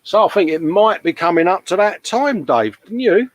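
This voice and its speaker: A man's voice: high-pitched, animated, moderate pace, dry recording, poor audio. Chatty man reading comments. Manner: chatty, calls everyone mate. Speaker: livestream co-host. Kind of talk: casual chat reading viewer comments.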